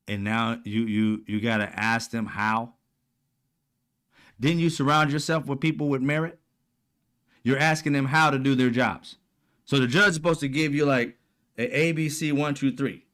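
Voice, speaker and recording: A man's voice: medium pitch, steady tone, moderate pace, pauses often, fairly bright tone. A man hosting casual political commentary, talking bluntly with profane slang and a mocking, sarcastic edge. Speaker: commentary channel host.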